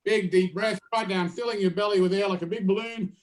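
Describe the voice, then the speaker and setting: A man leading a drama workshop, talking participants through a physical and vocal warm-up with steady, repetitive cues and playful asides. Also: high voice, fairly quick. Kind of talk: guided warm-up instructions.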